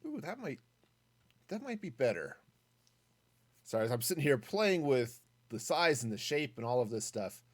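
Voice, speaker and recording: Casual game streamer, mid pitch, very animated intonation, muses aloud and answers chat. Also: normal speed, long pauses. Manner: chatty, thinking aloud, reading chat. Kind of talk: casual gaming stream commentary.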